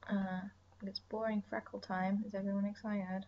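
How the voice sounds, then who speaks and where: A woman's voice: mid-range voice, flat delivery, moderate pace, creaky. Brief: young woman, drowsy and chatty, rambling drawing commentary, slightly dull mic with faint hiss. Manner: rambling, chatty, drifts into soft whispers and sighs. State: tired, yawning. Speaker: artist streaming her drawing.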